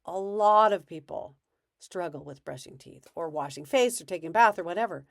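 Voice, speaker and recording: A woman's voice: lowish voice, expressive, moderate pace, creaky, dry recording, studio quality. A woman parenting coach giving casual advice in a conversational way, acting out bits of parent and child dialogue.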